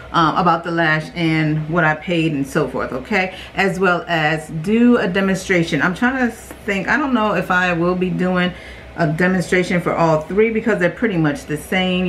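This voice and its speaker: A chatty woman vlogger talks loudly through a makeup review, rambling and checking in with "okay?" after each point. Her voice sits on the lower side, and a faint hum of room noise runs behind her. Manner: loud, self-aware about yelling. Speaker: beauty vlogger host. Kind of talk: casual chatty product review.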